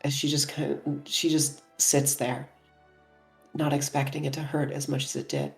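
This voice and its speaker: Quiet woman player describing what her character does, halting. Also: deep voice, level tone, creaky, soft background music. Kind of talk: narrating her character's actions.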